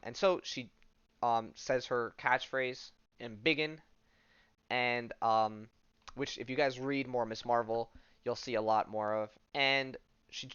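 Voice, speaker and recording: A podcast host retelling a comic story casually, with lots of fillers and offhand asides. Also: male voice, mid-range voice, fairly bright tone, smooth, dull audio.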